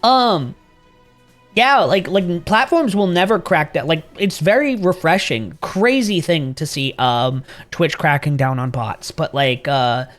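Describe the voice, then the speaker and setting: A man's voice: on the high side, animated, a little slow, a bit bright, soft background music. A man streaming and chatting casually with viewers, rambling, swearing freely and laughing often.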